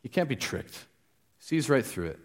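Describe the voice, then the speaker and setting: A man's voice: medium pitch, sing-song, moderate pace. A man preaching a conversational, explanatory sermon, often restarting his phrases.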